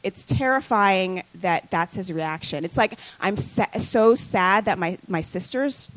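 A woman's voice: mid-range voice, lively intonation, a little slow, a bit bright, dry recording, poor audio. A woman telling a personal story on a comedy podcast, hesitant and full of ums and likes. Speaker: guest. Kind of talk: casual storytelling.

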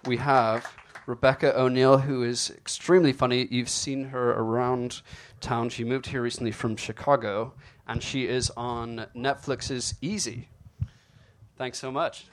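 A male comedy host reads a silly story on a club stage, taking it slowly and keeping a deadpan tone. His voice sits mid-range for a man, with a faint hiss behind it. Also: medium pitch. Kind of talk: reading a comic story aloud, then introducing the next act.

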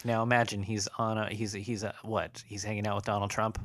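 A man's voice: lowish voice, little pitch movement, fast, a bit bright, no echo. A man co-hosting a comedy podcast, reading a news story aloud and spinning it into rambling, exaggerated analogies in casual chat. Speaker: podcast co-host.

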